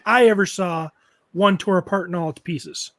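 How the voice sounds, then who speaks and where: A middle-aged man on a podcast as a guest, recalling things haltingly and restarting his sentences. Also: high-pitched, a bit bright, dry recording, clean studio sound. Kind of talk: casual chat.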